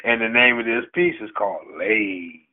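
A man calling in to perform a sensual spoken-word poem, slow and chuckling between lines. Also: on the low side. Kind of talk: spoken-word poetry reading. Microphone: phone call. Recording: tinny phone line.

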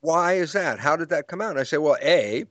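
Animated storytelling older man, dry sound. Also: a little high, fairly quick, dry recording. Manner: animated, quotes his own lectures, laughs often. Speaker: interview guest, lecturer. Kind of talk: storytelling explanation in conversation.

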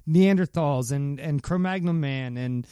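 A man rambles through a casual podcast chat, swearing freely and cracking jokes. His voice is mellow and dark, recorded dry and close. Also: on the high side, a little slow, clear, resonant tone, no room sound. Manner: rambling, profane, jokey, does mock voices. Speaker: podcast co-host.

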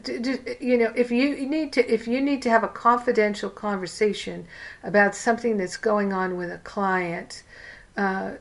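A woman's voice: medium pitch, fairly even intonation, moderate pace. A woman teaching a counseling class in a frank, conversational way, telling stories from her own training. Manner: candid, storytelling, frank. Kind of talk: casual class lecture.

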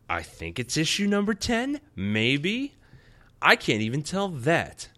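A man hosting a podcast, reviewing a comic in a playful, excitable casual way. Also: fairly high pitch, takes it slowly. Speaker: podcast host.

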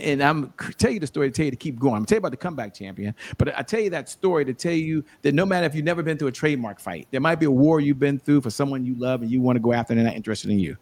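A man speaking as an interview guest, telling animated stories and giving motivational encouragement in a conversational style. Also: mid-range voice. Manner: animated storyteller, preachy encouragement. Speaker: guest, show host and sales coach.

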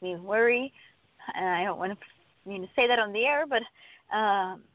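A woman co-hosting a live poetry radio show, speaking softly and emotionally and reading poems aloud. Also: medium pitch, normal speed. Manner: emotional, soft-spoken, laughs while reading. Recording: tinny phone-line audio.

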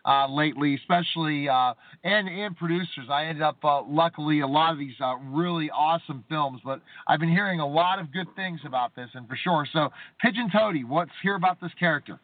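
A man's voice: fairly high pitch, a little fast, hardly any pauses, dry recording. A male show host conducting a casual phone interview in an upbeat, chatty way. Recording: tinny phone line, dry.

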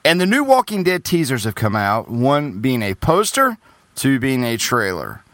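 A man's voice: mid-range voice, wildly swooping pitch, moderate pace, fairly bright tone, no room sound. A man hosting a casual podcast, teasing the others and steering into the news. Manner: teasing, leads the segments.

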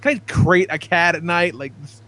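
A man's voice: on the high side, normal speed, sharp tone. A man in his thirties telling rambling, profane stories on a casual podcast. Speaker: podcast co-host.

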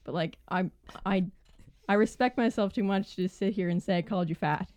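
A young woman telling a work story casually on a podcast, animated and full of "like" fillers. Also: mid-range voice, fairly quick, dry recording.

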